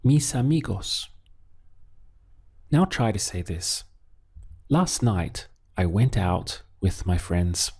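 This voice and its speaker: A man's voice: low-pitched, sing-song, slow, long pauses, a little mellow, breathy edge. A man teaching a language lesson, patiently asking how to say a phrase and then giving the answer himself. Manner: patient, asks questions then gives the answer.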